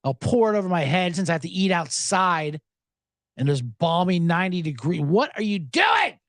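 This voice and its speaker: A man's voice: high voice, normal speed, no room sound, studio quality. A man hosting a podcast, ranting sarcastically with swearing and acted-out dialogue. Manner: animated, sarcastic, swears, acts out snippy dialogue. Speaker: podcast host. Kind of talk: comedic rant.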